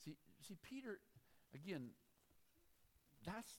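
A man's voice: high-pitched, big pitch swings, slow. A man preaching a sermon as a pastor, reading scripture and breaking off into conversational, chuckling asides. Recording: long hall reverb.

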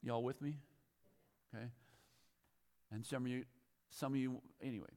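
A man's voice: mid-range voice, steady tone, normal speed, dark tone, big-room sound. A middle-aged man preaching a conversational, self-deprecating sermon in a church, often laughing at himself. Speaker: pastor. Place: church sanctuary.

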